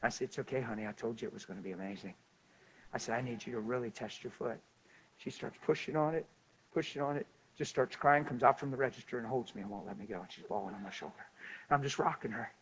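A man preaching a sermon and telling a story, swinging between loud excitement and hushed, soft passages. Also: medium pitch, quick pace, slight background noise, poor audio.

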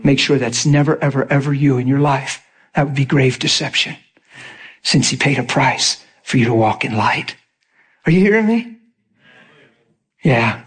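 A middle-aged male pastor preaching in storytelling style, acting out the voices of people he quotes. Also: medium pitch. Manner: animated, acts out quoted voices. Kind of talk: sermon storytelling.

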